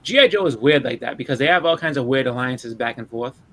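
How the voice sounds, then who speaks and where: A man on a comics panel, rambling through animated retellings of comic scenes in a casual group chat. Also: medium pitch, fast talker.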